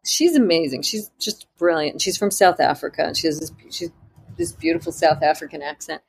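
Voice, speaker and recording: A woman author in an interview, telling her story in a candid, self-deprecating way with halting restarts. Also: low-pitched, a little hiss or hum.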